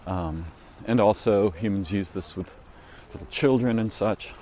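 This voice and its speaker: A man telling a reflective, meandering story on a walk-and-talk vlog, halting and restarting as he muses. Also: lowish voice, a little mellow, slight background noise. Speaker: vlogger. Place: outdoors, walking.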